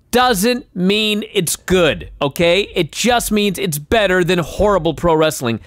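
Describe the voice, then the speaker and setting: Animated high-voiced man ranting. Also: no echo, clean studio sound. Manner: animated, swearing, exasperated ranting. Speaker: podcast co-host. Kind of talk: casual profane chat.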